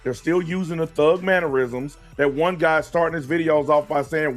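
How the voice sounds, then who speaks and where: A fairly high-voiced man argues bluntly on a casual podcast. He swears freely and drags his words out to hammer each point home. Music plays faintly underneath. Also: steady tone. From American South. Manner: blunt and emphatic, profane, slows down to stress points. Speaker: host.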